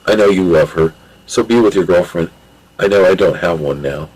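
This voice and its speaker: A man's voice: deep voice, moderate pace, a little mellow, breathy edge, low-quality recording. A man voicing Ratchet, a brash young male fighter who talks slangy and cocky. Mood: pleading. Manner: cocky, slangy, turns pleading.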